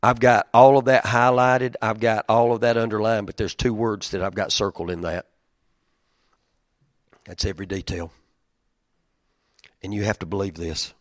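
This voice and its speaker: Pastor with a dry sound. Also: male voice, steady tone, moderate pace, pauses often, no room sound. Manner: conversational, storytelling with big swings in loudness and pitch. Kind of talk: sermon.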